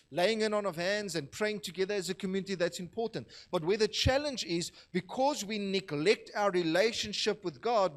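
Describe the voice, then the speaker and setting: Chatty man preaching a sermon. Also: high-pitched. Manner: conversational, joking with the congregation. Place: church hall.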